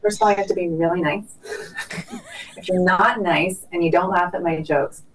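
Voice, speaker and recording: Low-voiced, joking woman doctor on a distant mic. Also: very animated, normal speed. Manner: chatty, jokey and self-deprecating. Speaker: fertility doctor guest. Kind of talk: casual podcast interview.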